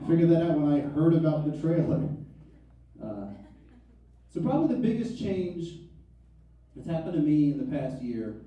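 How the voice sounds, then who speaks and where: A man's voice: a little high, dull audio. A stand-up comedian in his thirties telling wry, self-mocking stories on a comedy club stage. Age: 30s. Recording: echoey club, mic from far off.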